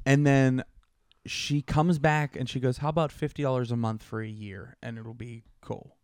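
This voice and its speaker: Animated storyteller man, smooth dry voice. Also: medium pitch, moderate pace, no room sound. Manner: animated storyteller, acts out both sides of a phone call. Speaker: podcast co-host. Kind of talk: casual podcast chat.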